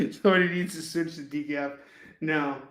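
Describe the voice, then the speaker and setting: A man's voice: fairly high pitch, fairly even intonation, a little slow, fairly bright tone. A man hosting a live comic-book sale, pricing issues in jokey, rambling sales patter. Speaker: host selling comics. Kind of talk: live shopping stream. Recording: echoey room.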